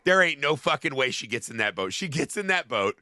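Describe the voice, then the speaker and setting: A man co-hosting a movie podcast, telling the plot in a profane, animated way and acting out the characters' lines. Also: medium pitch, fairly quick, no room sound, studio quality. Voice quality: profane, animated storytelling with acted-out quotes. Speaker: podcast co-host. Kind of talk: casual movie-review chat.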